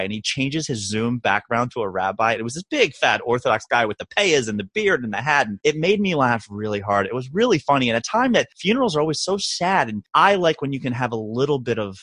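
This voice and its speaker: A man hosting a podcast in casual chat, telling stories with animated voices for the people he quotes. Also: medium pitch, brisk, hardly any pauses, no echo. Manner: animated storytelling, quoting others in raised voices. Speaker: podcast host.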